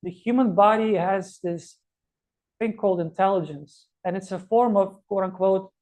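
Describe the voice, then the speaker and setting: A man teaching a scripture class, telling stories and explaining verses with many pauses and restarts. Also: high-pitched, darkish tone. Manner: storytelling, many fillers and restarts.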